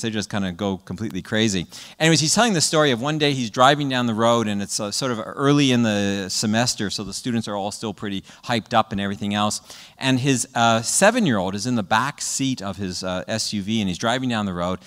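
A man giving a public talk to parents, an animated storyteller who often checks in with "right?" and acts out what children say. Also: fairly low pitch, in a large hall. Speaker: guest speaker. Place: presentation hall.

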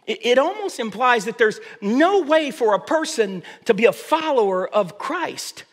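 A man preaching a sermon as pastor, with a high voice, often restarting his phrases. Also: big pitch swings, a little slow. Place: church sanctuary. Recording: long church reverb.

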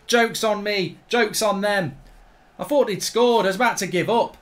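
A middle-aged man gives live commentary on his own video game match. His voice sits high and swings wildly, sliding from low mutters and curses to shouted celebration. He reacts to every moment with raw frustration or delight. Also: normal speed, a little hiss or hum. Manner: excitable, swears, swings from grumbling to yelling. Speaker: gaming streamer.

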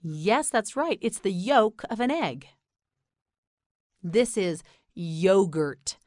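A woman with an American accent teaching English pronunciation, saying each word slowly and clearly and asking the listener to repeat it. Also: mid-range voice, very animated, darkish tone, no echo, clean studio sound. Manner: repeats words slowly and asks the listener to say them back. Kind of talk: slow, clear scripted lesson narration.

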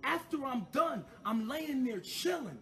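A man's voice: very high-pitched, very animated, measured pace. A man talking in a blunt, boastful, slangy monologue.

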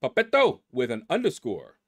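A man's voice: medium pitch, huge pitch swings, normal speed, a bit bright. A middle-aged man hosting a gaming channel, casually reading out leaderboard names and musing aloud as he stumbles over them.

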